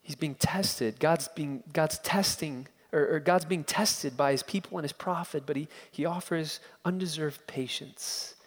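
A man delivers an expository sermon in a notably high voice, pressing his points with emphatic repetition. His words ring out with a long reverb, as if from a church sanctuary. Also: measured pace, hardly any pauses. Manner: emphatic, building repeated phrases. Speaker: preacher.

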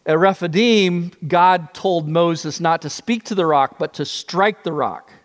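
A man preaching a sermon as pastor, telling the story in an animated way with shifting pace. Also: on the high side, measured pace, long reverb tail.

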